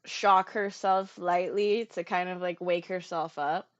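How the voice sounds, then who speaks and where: A woman's voice: lowish voice, fairly even intonation, measured pace. Tentative woman player, lo-fi audio. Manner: tentative, filler-heavy.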